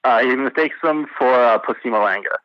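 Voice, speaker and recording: A man's voice: medium pitch, fairly quick, no echo. A man calling in to a trivia quiz, thinking aloud and hesitating with fillers as he answers. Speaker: caller playing a trivia quiz. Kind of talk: casual quiz answers over the phone. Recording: dull lo-fi phone line.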